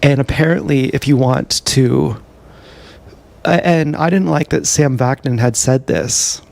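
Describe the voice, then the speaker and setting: A man's voice: medium pitch, measured pace, gravelly, a little mellow. A man talking casually on a live stream from an action camera, meandering and self-deprecating with frequent hesitations. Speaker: vlogger. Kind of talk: rambling live-stream monologue. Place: outdoors or on the move, GoPro. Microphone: action camera mic.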